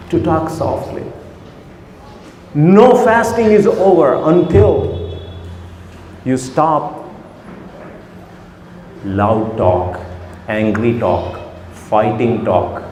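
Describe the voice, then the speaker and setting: A man giving a religious talk to a gathering, asking repeated rhetorical questions and dropping to soft tones. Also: a little high, slight background noise. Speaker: speaker at a community iftar gathering. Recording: echoey hall with faint ambience.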